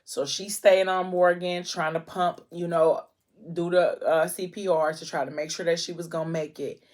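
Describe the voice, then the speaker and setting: Low-voiced woman chatting about a book. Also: steady tone, moderate pace, darkish tone. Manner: chatty, emotional retelling with many fillers. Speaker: book vlogger. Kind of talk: casual book recap while eating.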